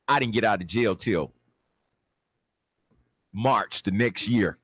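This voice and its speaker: A man from the Detroit area telling a personal story in a casual, animated way and acting out the people in it. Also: lowish voice, slow pace, pauses often, husky, no echo. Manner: animated, acts out the people in his story, laughs.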